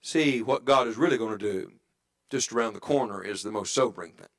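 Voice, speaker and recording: A middle-aged man preaching a sermon in church, dropping to an earnest hush and rising to emphatic calls, often asking the congregation questions. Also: on the low side, fairly quick. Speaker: evangelist preacher.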